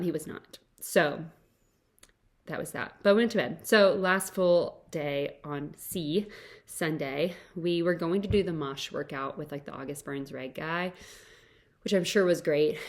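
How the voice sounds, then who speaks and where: A young adult woman hosting a podcast, telling a casual story and filling nearly every phrase with "like.". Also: low voice. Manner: chatty, fills every phrase with "like". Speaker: podcast host.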